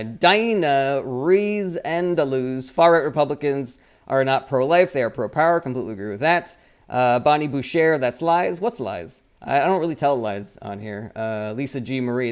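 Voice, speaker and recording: A man's voice: medium pitch, smooth. A young man hosting a casual live chat, reading viewer questions and answering bluntly, with frequent swearing. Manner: blunt, profane, reads viewer comments aloud and replies.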